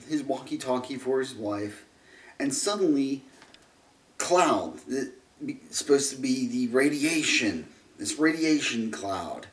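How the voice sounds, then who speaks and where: A man ranting through a film review, rambling, restarting sentences and turning sarcastic. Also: mid-range voice. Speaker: movie reviewer. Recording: roomy echo, distant mic.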